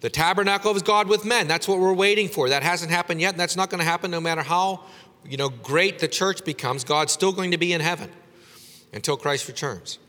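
A male pastor delivers an emphatic expository sermon, swelling to raised climaxes before settling back low. His voice is bright and forceful. It carries a long reverb from a large church sanctuary. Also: brisk. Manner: emphatic, builds to raised climaxes and drops low after them; earnest, with frequent restarts and "you know" asides.

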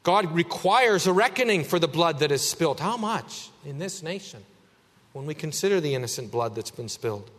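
A man preaching a sermon as pastor, emphatic, swinging between a raised voice and a hushed one. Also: on the high side, animated, normal speed, in a large hall.

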